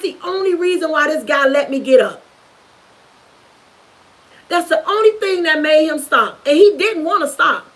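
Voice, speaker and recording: A young woman with a high voice speaks straight to her viewers about something painful from her past. She is earnest and intense, circling back over the same words to drive them home. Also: expressive, normal speed, fairly bright tone, low-quality recording. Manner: earnest, repetitive, intense storytelling. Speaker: vlogger. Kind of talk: emotional personal testimony to camera.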